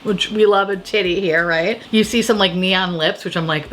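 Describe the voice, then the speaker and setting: A woman's voice: mid-range voice, brisk, hardly any pauses, a bit bright. A young woman giving casual, profane and sarcastic commentary on new makeup releases.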